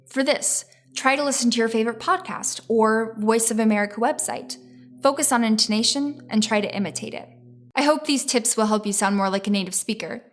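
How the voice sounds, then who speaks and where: A woman giving a scripted pronunciation lesson, explaining step by step in a clear, encouraging way. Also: a little high. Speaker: English teacher.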